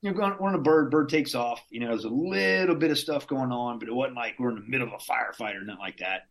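An army veteran speaks as a guest in an unhurried, easygoing way. He is a man with a mid-range voice, telling his story casually, full of slang and the odd curse. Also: medium pitch, creaky. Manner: laid-back, slangy, drops in curses and chuckles.

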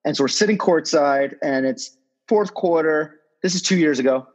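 A man's voice: fairly high pitch, moderate pace, muffled recording. A man in his thirties, a sports agent, telling stories in a casual, rambling way with some swearing, as a podcast guest. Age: 30s. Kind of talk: podcast interview storytelling.

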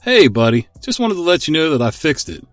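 A friendly, clueless construction foreman, put on by a man reading a story. He talks casually and easily, and his pitch swings a lot. The sound is dry, with faint music behind. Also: very animated, fairly quick, no echo.

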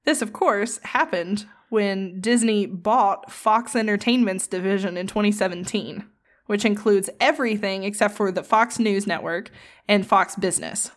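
Woman podcast co-host, mid-pitched voice, loose chatty storyteller who swears freely. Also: normal speed. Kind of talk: casual podcast chat.

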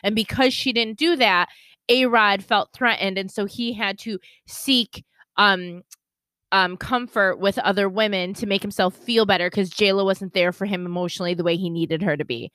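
A woman's voice: mid-range voice, normal speed, clear, resonant tone, no echo. Fired-up woman telling a story. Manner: animated storytelling, swearing, bursts of indignation. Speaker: podcast co-host. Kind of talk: casual chat.

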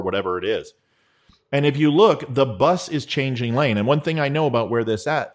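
Sarcastic, rambling middle-aged male commentator talking viewers through photos. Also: medium pitch. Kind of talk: casual political commentary over photos.

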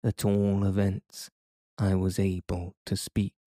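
A man calmly reading a bedtime story aloud in a soothing way as a podcast narrator. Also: deep voice, slow, no room sound, studio quality. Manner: calm, soothing.

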